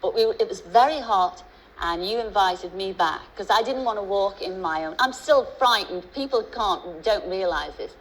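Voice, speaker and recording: A woman's voice: mid-range voice, expressive, moderate pace, poor audio. A middle-aged woman with a Liverpool accent, a chat-show guest who talks in a chatty, storytelling way with many restarts and asides.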